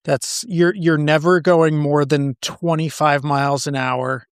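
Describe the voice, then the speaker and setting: A man's voice: a little high, little pitch movement, unhurried, smooth, dry recording. A man co-hosting a casual chat, dry and skeptical, teasing his partner. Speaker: podcast co-host.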